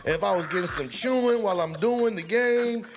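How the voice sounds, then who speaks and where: A man co-hosting a casual sports podcast, telling animated, profane stories and laughing often. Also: sits high, normal speed. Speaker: podcast co-host.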